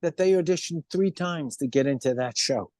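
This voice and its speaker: A man in his seventies, a musician guest in an interview, telling stories in an animated way. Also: on the high side, moderate pace, no room sound, clean studio sound. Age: 70s. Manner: animated storyteller, acts out quoted voices. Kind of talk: storytelling interview.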